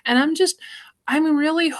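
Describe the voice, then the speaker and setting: A woman's voice: sits high, normal speed. A woman from the United States, a librarian and association president, talking enthusiastically in a podcast interview, often saying "like" and restarting phrases. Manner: enthusiastic, chatty, many "like"s and restarts.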